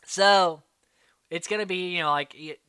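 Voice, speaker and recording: A podcast host in casual chat, rambling and excitable, packing the talk with fillers. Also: mid-range voice, normal speed, clear, resonant tone. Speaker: podcast host recapping a reality show.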